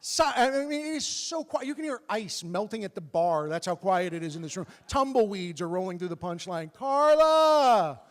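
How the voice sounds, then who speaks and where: A man telling a true personal story on stage with comic timing and animated bursts. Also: high voice, fairly quick, hardly any pauses. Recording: long hall reverb.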